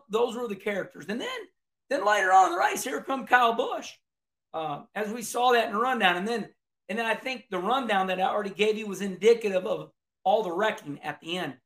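This racing commentator is a middle-aged man whose high voice is a bit bright and full of vocal fry. He chats casually about a race on video, rambling in a folksy way and frequently starting his words over.

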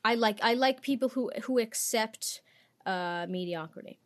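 A woman's voice: on the high side, normal speed. A young woman co-hosting a podcast in casual chat, sarcastic and opinionated, slipping into mock accents for jokes. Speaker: podcast co-host.

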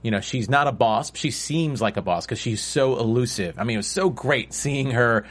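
A man co-hosting a podcast in casual chat, quick and full of restarts. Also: medium pitch. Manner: rapid, repeats words as he goes. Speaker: podcast co-host. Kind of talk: casual chat about a TV show.

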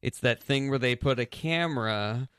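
A man's voice: medium pitch, normal speed, a bit bright, a little hiss or hum. A young man co-hosting a radio chat, rambling with lots of fillers. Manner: rambling, filler-heavy, full of "like" and "uh". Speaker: radio show co-host. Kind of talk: casual chat.

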